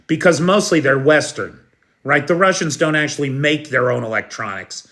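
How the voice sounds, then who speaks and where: A man's voice: a little high, moderate pace, sharp tone. An American man hosting a live news stream, blunt and sarcastic, who swears now and then and talks directly to his chat viewers. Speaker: livestream news host. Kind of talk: unscripted live news commentary.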